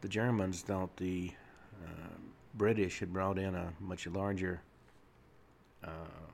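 A very deep, gravelly male voice, hosting a solo radio talk show from a studio. He rambles along with frequent pauses and restarts. A faint hiss of noise sits under the voice. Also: fairly even intonation, a little mellow.

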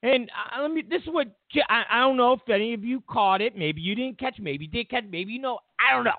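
A very high, animated male voice, a little fast and echo-free, drives this casual political commentary. The host rants sarcastically and mockingly about the news on his own show. It's recorded dry on a tinny, phone-like line.

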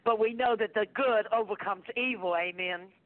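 A woman's voice: medium pitch, moderate pace, dry recording. A woman calling in to a radio show, comforting the host in a soothing, preachy way and calling her darling. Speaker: caller and fellow radio host. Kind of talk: comforting call-in talk. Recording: tinny phone line, dry.

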